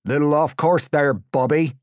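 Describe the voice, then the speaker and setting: A man's voice: fairly high pitch, a little slow, a little mellow, dry recording, pitched above the performer's own voice, natural voice. A man voicing a cheerfully cruel male thug who taunts his captive with jaunty, sneering banter. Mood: mocking cheer.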